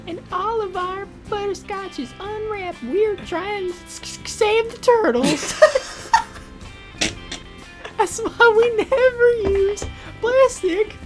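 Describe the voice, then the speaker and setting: A woman's voice: slow pace, pauses often, over music. A woman voicing a cheery Southern country woman who sells butterscotch, delivering an improvised mock radio ad in a put-on American Southern accent. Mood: perky salesy. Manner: bubbly sales-pitch delivery.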